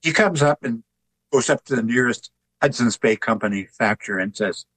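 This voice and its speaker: An older man with a husky voice tells stories in an interview. His delivery is easygoing and anecdotal, and he chuckles at his own jokes. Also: mid-range voice, moderate pace, a bit bright, rough recording. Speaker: author and artist, guest. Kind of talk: conversational interview storytelling.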